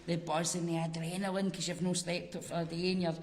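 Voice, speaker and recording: A Scottish woman, a comedian guest on a podcast, telling sweary, animated stories in casual chat. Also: fairly low pitch, a little fast, big-room sound, slight background noise. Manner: sweary, animated storytelling with frequent laughs.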